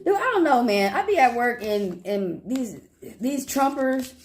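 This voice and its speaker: A young woman with a fairly high, lively voice that swings up and down as she reads tarot cards live. She talks in a loose, rambling way, full of cursing and asides. Guitar music plays clearly behind her. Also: a little slow. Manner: profane, animated, rambling. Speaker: tarot reader. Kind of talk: casual livestream tarot reading.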